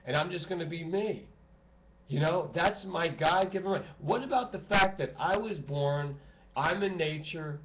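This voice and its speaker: A man rambling and ranting to camera in a vlog, cursing often and restarting his sentences. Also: a little slow. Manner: profane, agitated, rambling with many restarts. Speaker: vlogger. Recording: muffled low-fi home recording with faint hiss.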